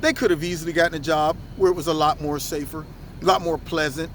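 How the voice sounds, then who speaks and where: A middle-aged man, a former school principal, giving impassioned opinion commentary and telling animated stories. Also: a little high, fast, a little hiss or hum. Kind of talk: opinion commentary with acted anecdotes.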